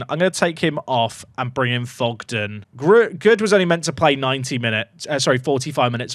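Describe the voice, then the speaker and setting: A man narrates his football game with big swings in pitch, jumping from low mutters up to loud cheers. His voice sits high and lively. The sound is close and dry, with no room around it. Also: no room sound. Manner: excitable, jokey, reacts loudly to goals. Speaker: gaming YouTuber. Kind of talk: excited game commentary.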